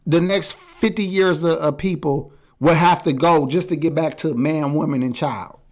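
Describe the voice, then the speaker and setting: A man's voice: a little high, normal speed. A man co-hosting a podcast in casual chat, ranting bluntly and swearing freely. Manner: animated, profane, blunt ranting. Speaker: podcast co-host.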